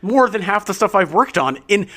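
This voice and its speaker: An easygoing, middle-aged American man co-hosting a casual podcast chat. He speaks with a wry edge and laughs easily, and his pitch rises and falls freely as he talks. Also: animated, normal speed, a bit bright. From United States. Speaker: podcast co-host.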